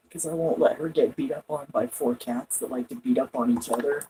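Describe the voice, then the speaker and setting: A woman's voice: a bass voice, a little fast, hardly any pauses, noisy background. A woman vlogging from home in casual rambling chat, swearing a lot and laughing often.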